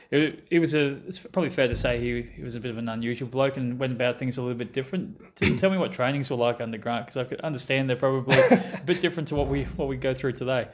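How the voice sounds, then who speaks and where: A man's voice: medium pitch, fast. Male interviewer, easygoing. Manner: frequent short backchannel agreement. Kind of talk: conversational interview.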